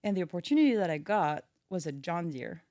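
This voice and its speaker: A woman's voice: on the low side, very animated, fairly quick, warm tone, no echo, clean studio sound. A woman from France in her thirties with a French accent, chatting casually as a podcast guest and filling her talk with "like.". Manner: chatty, many fillers like "like". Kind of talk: casual chat.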